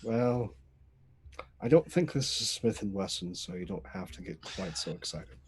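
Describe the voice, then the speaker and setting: A man's voice: sits low, expressive, moderate pace, a little mellow, soft background music. A man playing a tabletop spy game, enthusiastically describing his character's actions in the third person.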